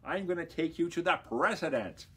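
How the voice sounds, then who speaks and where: A man voicing an enraged male vice president, loud and scolding. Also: fairly high pitch, lively intonation, moderate pace, breathy edge, voice pushed up.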